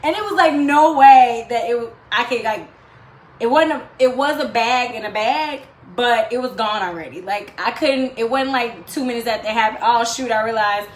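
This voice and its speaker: A woman's voice: a little high, moderate pace. A woman hosting a home cooking show, telling chatty stories with laughs and asides to her viewers. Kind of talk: casual storytelling while cooking. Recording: echoey room with faint background noise.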